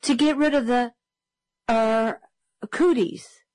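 A woman's voice: on the high side, takes it slowly, darkish tone, no echo, pitched above the performer's own voice, rough recording. A woman voicing a flustered young schoolteacher in a storybook reading, prim and anxious.

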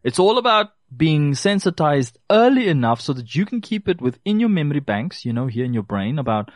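A man gives casual shopping advice, stressing his points by saying them twice. His pitch rises and falls a lot as he talks. The sound is dry and close, with no room echo. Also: very animated, brisk. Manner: emphatic, repeats key phrases for stress. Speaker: consumer advice presenter. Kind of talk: casual advice talk to listeners.

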